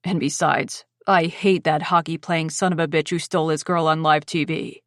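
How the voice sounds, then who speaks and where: A woman's voice: low-pitched, fairly even intonation, normal speed, dry recording, clean studio sound. A woman voicing a cocky, sleazy male sports reporter in an audiobook. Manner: cocky, dismissive.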